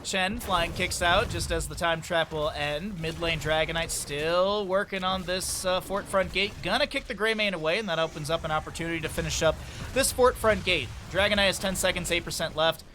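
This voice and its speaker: A man casting a live esports match, calling fast play-by-play and wandering into chatty asides he shares with his chat. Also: high-pitched, background noise. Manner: excitable, rambling asides between fast play-by-play; chatty, talks directly to chat. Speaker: esports caster.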